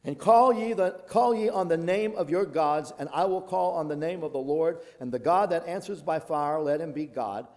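A man's voice: fairly high pitch, moderate pace, few pauses, a little mellow. A man preaching a sermon, reading a long scripture passage with dramatic delivery, voicing the quoted speakers and adding his own asides.

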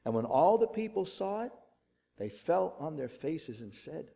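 A man's voice: medium pitch, lively intonation, normal speed, creaky, mellow. A man preaching a sermon, reading a long scripture passage with dramatic delivery, voicing the quoted speakers and adding his own asides.

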